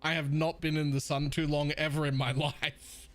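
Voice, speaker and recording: A man's voice: on the high side, little pitch movement, normal speed, poor audio. A man with a partly Australian accent, chatting casually as a live streamer, rambling, laughing often and swearing.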